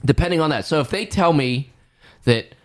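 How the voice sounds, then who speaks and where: Male podcast co-host, animated pitch, rambling questions, casual chat. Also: normal speed. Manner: rambling, circles back with questions.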